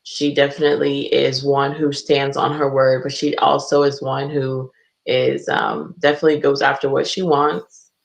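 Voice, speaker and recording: Casting: panel guest, gravelly voice, hesitant delivery with many fillers. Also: female voice, extremely low pitch, flat delivery, moderate pace. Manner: hesitant, many ums and definitely. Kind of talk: casual panel chat.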